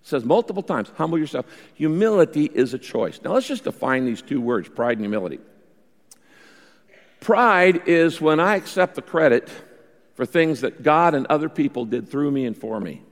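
A man's voice: fairly high pitch, expressive, moderate pace, long reverb tail. A male pastor preaching a sermon in a conversational way, repeating his key points.

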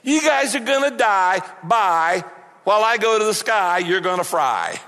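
A man's voice: high voice, sing-song, unhurried, sharp tone, big-room sound, pitched above the performer's own voice, heavily acted. A man voicing a reluctant, resentful male prophet who talks in a curt, dismissive way.

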